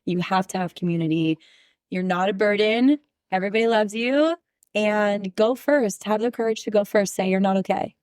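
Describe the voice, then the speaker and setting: A woman's voice: medium pitch, moderate pace, a little mellow, smooth, dry recording, studio quality. A woman guest on a podcast who speaks candidly and with emphasis, sharing her views in casual conversation. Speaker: podcast guest, relationship expert.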